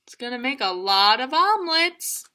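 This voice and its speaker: A children's librarian reading a picture book aloud, playful and animated, with laughing asides. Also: female voice, sits high, moderate pace.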